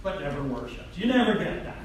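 A man preaching a sermon as pastor, emphatic and swinging between loud declarations and quiet asides. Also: sits high, sing-song, brisk, slight background noise. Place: church sanctuary. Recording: very echoey, distant mic.

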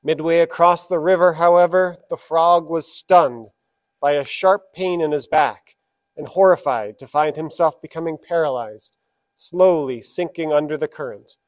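A man's voice: on the high side, moderate pace. A man preaching a sermon as pastor, telling fables and leading prayer reverently. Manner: storytelling, then reverent prayer.

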